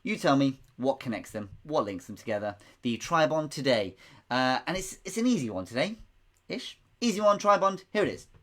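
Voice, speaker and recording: A man's voice: medium pitch, very animated, normal speed, fairly bright tone. A man hosting a live online pub quiz, chatty and rambling, repeating himself and chuckling often. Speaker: quiz host.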